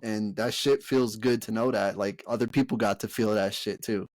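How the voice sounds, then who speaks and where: A young man co-hosting a podcast, talking in a relaxed, slangy way with lots of fillers and swearing. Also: on the low side, moderate pace, no room sound. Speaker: podcast co-host. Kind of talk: casual chat.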